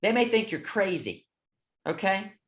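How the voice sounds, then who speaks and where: A man's voice: high voice, very animated, unhurried. Emphatic man giving a motivational talk. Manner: emphatic, repeats "okay?" and sways between loud and soft; storytelling, preacher-like cadence. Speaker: real estate coach.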